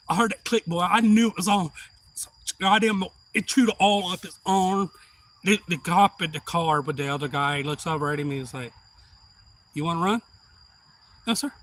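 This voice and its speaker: A man's voice: sits high, fairly quick, rough recording. A man telling a wild story on a live stream, whooping, cussing and acting out what people said. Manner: excitable, whooping, acts out quotes and cusses.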